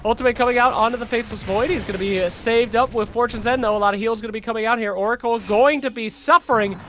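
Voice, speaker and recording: A man calling esports play-by-play, quick and excitable, who swears now and then. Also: very high voice, slight background noise. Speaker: caster.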